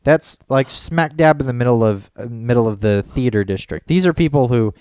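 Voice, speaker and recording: A man's voice: mid-range voice, normal speed, a little mellow, smooth, dry recording, studio quality. A man telling a story in casual chat as a podcast co-host, rambling and profane, full of fillers and restarts.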